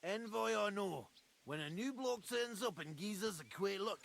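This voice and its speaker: A gruff Scottish soldier who likes a brawl, with a high, bright, gravelly voice. He talks bluntly and taunts anyone new, his pitch swinging up and down. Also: expressive, moderate pace, full character voice.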